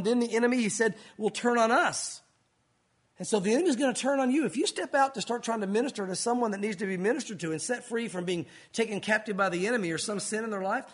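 A man preaching a sermon in an animated way, acting out scenes and speaking directly to his congregation. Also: high-pitched, breathy edge. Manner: animated, acts out bible scenes with sound effects. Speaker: pastor.

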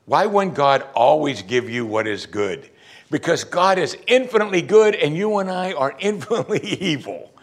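Husky-voiced preacher, lively pitch. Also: male voice, moderate pace. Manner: animated preaching, acting out quoted voices. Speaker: pastor. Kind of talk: sermon.

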